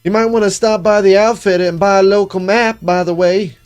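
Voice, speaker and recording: A man's voice: sits high, steady tone, fairly quick, darkish tone, clean tone, faint music behind, pitched above the performer's own voice, natural voice. A man voicing a folksy fishman freighter captain with a put-on Southern American twang, easygoing and chatty. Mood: friendly. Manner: easygoing, chatty advice-giving.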